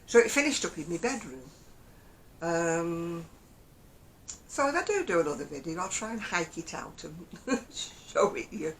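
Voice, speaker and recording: In her casual vlog, the Oldham crochet vlogger talks in a chatty, rambling way with a Lancashire accent, her pitch swinging a great deal and little chuckles breaking in often. She speaks a little slowly. The recording is low quality, with a faint low rumble in the background.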